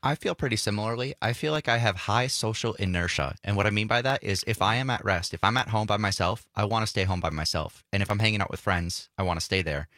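A man's voice: on the low side, fast talker, few pauses, sharp tone, dry recording, studio quality. A young man in his twenties with a stuffy nose, chatting easily as a radio co-host. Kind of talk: casual radio talk.

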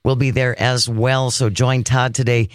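A man's voice: medium pitch, flat delivery, a little slow, dry recording. A man co-hosting a morning talk radio show from a studio, announcing in an upbeat way. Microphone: studio microphone.

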